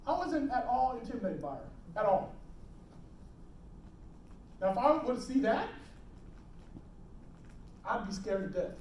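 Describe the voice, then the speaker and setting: A middle-aged man teaching emergency preparedness to a live audience, animated, quizzing the room and acting out scenes. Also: very high-pitched, measured pace, long pauses. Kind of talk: live classroom talk. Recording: roomy hall, distant mic, faint noise.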